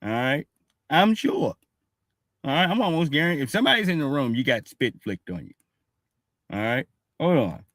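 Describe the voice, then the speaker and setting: Man, lively animated pitch, dry close sound, casual reaction host, blunt and profane. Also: moderate pace, long pauses, dry recording. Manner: blunt, profane, keeps saying "all right". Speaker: streamer reacting to a clip.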